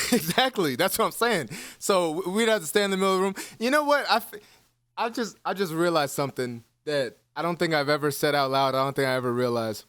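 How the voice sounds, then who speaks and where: He's a twentysomething co-hosting a podcast, an animated storyteller who laughs often and swears without restraint. His voice sits on the high side and runs fairly quick, clear and resonant. The sound is studio quality with no echo.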